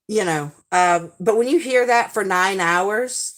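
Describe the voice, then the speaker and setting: A woman's voice: mid-range voice, lively intonation, slow pace, hardly any pauses, fairly bright tone. A woman, hosting a live stream in a rambling, chatty way with lots of fillers. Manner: mimics people in quoted voices. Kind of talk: casual chat.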